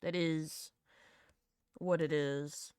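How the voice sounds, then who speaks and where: A woman's voice: sits low, fairly even intonation, extremely slow, darkish tone, clean tone, no room sound, studio quality. A woman with a Southern US accent chatting casually on a live stream while she draws, rambling, laughing and swearing freely. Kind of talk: casual chat while drawing.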